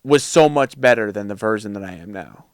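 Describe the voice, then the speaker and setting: A man's voice: fairly low pitch, fairly quick, smooth, no echo, studio quality. A man talking casually as a podcast guest, reflective and searching for his words.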